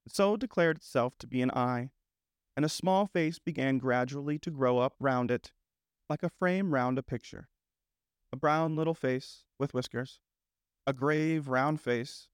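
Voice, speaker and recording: A man narrating a classic storybook in a measured, gentle, unhurried manner. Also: medium pitch, clean tone, dry recording, clean studio sound. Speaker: audiobook narrator.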